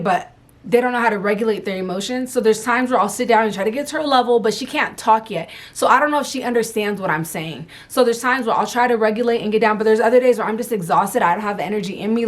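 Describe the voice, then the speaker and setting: Casting: young woman, a relaxed and frank mom vlogger speaking casually at home, unscripted. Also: fairly high pitch. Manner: frank, candid, loose and chatty. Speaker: mom vlogger answering viewer questions. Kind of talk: casual chat.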